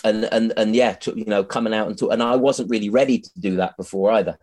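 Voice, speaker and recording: Interviewed on a podcast, this comedian rambles in a chatty, self-deprecating way, cursing freely and frequently restarting what he says. He has a fairly low, darkish voice, speaks at a quick pace, and keeps a steady tone.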